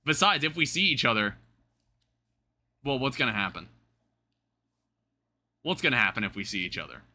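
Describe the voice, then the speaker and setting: A man's voice: medium pitch, sing-song, normal speed, pushed and bright. A young man rambling through casual live-stream chat, swearing offhandedly as he talks to viewers from home. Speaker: livestreamer.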